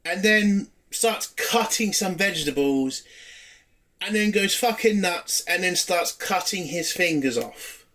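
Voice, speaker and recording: A man's voice: high voice, expressive, slow pace, pushed and bright. A man giving a rambling, sarcastic spoken recap of a TV episode, swearing often. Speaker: TV reviewer. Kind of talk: casual spoken review.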